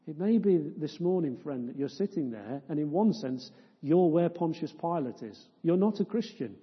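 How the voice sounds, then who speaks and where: A man preaching a sermon in a church, firing off rhetorical questions and swinging between loud, impassioned stretches and hushed ones. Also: on the high side, expressive, moderate pace, husky. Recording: dull lo-fi sound with long church reverb.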